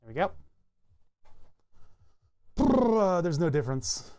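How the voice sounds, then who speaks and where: Guy on a live stream, a bit high voice, muttering and restarting his sentences while he debugs. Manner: muttering, halting, self-interrupting while debugging. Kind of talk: casual live-stream thinking aloud.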